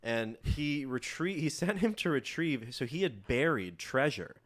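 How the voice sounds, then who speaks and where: A man's voice: mid-range voice, sing-song, a little slow, a bit bright. A man co-hosting a comedy podcast, telling a history story in a rambling, joking way and laughing often. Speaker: podcast co-host. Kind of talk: casual comedic chat.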